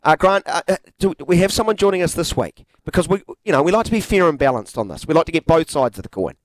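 Playful New Zealand sports co-host. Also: male voice, a little high, lively intonation, fast talker, no room sound. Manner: playful, presenter-like. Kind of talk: casual sports chat.

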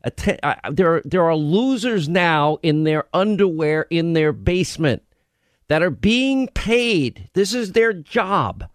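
A man's voice: on the high side, animated, slow pace, dry recording. A man hosting a talk radio show, delivering an emphatic, rambling opinion monologue in a studio. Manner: emphatic, rambling, repeats phrases. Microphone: studio microphone.

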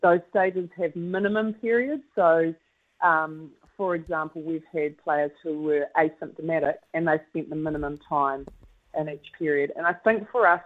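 A woman with a New Zealand accent, a netball coach giving a radio interview in measured explanations and laughing easily when teased. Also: sits low. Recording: slightly muffled radio audio.

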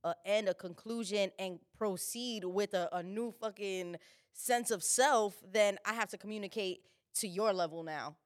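A woman's voice: medium pitch, normal speed, dry recording, clean studio sound. A woman guest with a New York accent, speaking directly and confidently in casual chat. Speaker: podcast guest.

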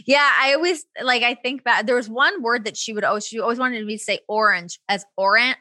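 A woman's voice: fairly high pitch, brisk, pushed and bright, no echo. A young woman from Toronto with a faint Canadian accent, chatting as an interview guest, laughing often and full of "like" fillers. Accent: faint Canadian, trained toward American. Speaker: guest, broadcaster. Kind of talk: casual interview chat.

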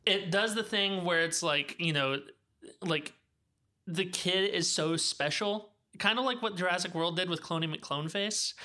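Bright-voiced Southern-raised podcast co-host. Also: medium pitch, unhurried. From Southern United States. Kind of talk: casual movie-review chat.

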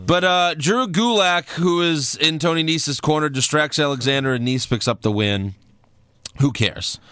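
A man hosting a casual chat, recapping events in a relaxed storytelling way. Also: fairly high pitch, moderate pace. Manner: laid-back storytelling recap, acts out quotes. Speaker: podcast host recapping wrestling.

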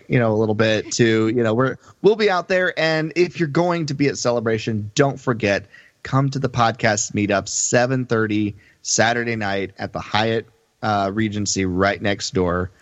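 A man's voice: medium pitch, normal speed, dry recording. A man co-hosting a podcast in casual chat, easygoing and agreeable. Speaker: podcast co-host. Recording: dry, dull lo-fi audio.

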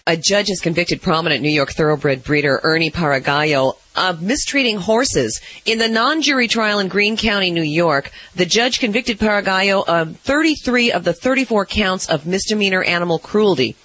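A man with a high, bright voice reads radio news briskly, his pitch lively and animated. The sound is dry and close. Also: dry recording. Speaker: news reader.

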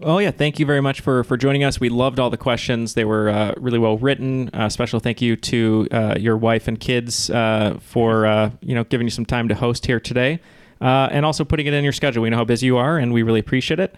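A man co-hosting a podcast game, joking in a hesitant, halting way. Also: mid-range voice, fairly even intonation, clean tone, no echo, clean studio sound. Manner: hesitant, halting, laughing at his own jokes. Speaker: podcast co-host. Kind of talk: casual podcast banter.

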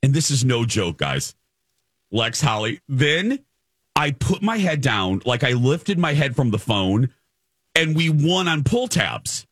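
A man's voice: medium pitch, big pitch swings, slow, a bit bright, breathy edge, dry recording, clean studio sound. A man in his forties, a radio co-host, telling a personal story in casual chat and acting out the quotes. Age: 40s.

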